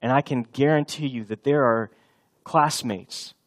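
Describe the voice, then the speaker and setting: Pastor, man, 30s, earnest sermon delivery, middle pitch, repeats key lines for emphasis. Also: unhurried.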